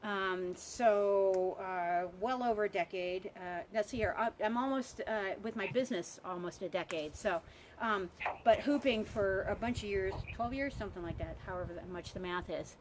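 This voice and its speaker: A woman's voice: medium pitch, normal speed, slight background noise. A woman teaching a live hula hoop workshop outdoors by a pond, chatty and encouraging.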